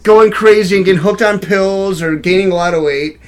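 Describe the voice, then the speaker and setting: A young man with a high voice hosts a loose, crude comedic news segment. He rambles irreverently and breaks into laughter often. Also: normal speed. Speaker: host of a live web talk show.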